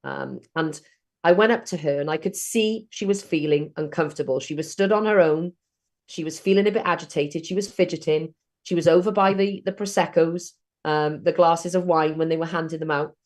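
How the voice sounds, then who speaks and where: A woman's voice: low-pitched, a little fast, darkish tone. A middle-aged woman from South Wales, telling networking stories in a chatty way during an online training session. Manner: chatty storytelling.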